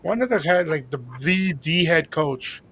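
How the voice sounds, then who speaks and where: A man with a gravelly, raspy voice pitched a little above the usual male range, co-hosting a relaxed podcast. He tells a story in a casual, chatty way, with animated delivery that acts out the dialogue. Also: measured pace, noisy background. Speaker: podcast co-host.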